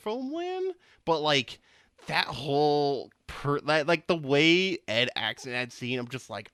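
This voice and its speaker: A man's voice: fairly high pitch, big pitch swings, slow, a bit bright, smooth, dry recording, clean studio sound. A young man hosting a casual podcast, rambling with lots of swearing and restarts. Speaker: podcast host.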